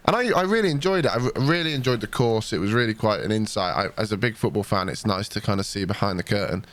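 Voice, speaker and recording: A man's voice: lowish voice, animated, quick pace, fairly bright tone. A man hosting a podcast, telling rambling, sweary anecdotes in casual chat.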